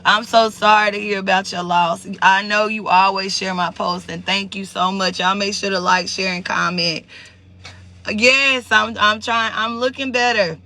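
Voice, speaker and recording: A man's voice: high-pitched, fairly even intonation, normal speed, sharp tone. A man hosting a live stream, talking casually and emotionally to his viewers, greeting them by name and repeating words as he searches for what to say.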